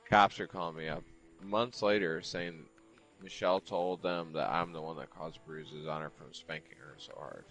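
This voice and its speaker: A man with a very low voice telling a personal story while he plays, rambling and cursing as he goes. Faint music runs underneath. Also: steady tone, normal speed, a bit bright, low-quality recording. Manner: rambling, profane, heavy use of "like". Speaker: streamer chatting while gaming. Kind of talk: casual chat storytelling.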